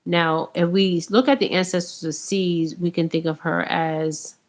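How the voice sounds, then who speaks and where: A woman's voice: fairly low pitch, steady tone, normal speed. A woman talking casually to her viewers about her spiritual path, rambling with many ums and a repeated "okay?". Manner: addresses viewers as you guys. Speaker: spiritual vlogger. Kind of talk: casual spiritual talk to camera.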